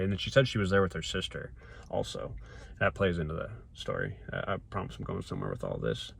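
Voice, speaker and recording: A man with a fairly low voice tells a long personal story from the driver's seat of his car. He rambles and restarts often, but he stays emphatic throughout, and the sound comes straight through his phone. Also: animated, fast talker, gravelly, fairly bright tone, husky. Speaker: vlogger.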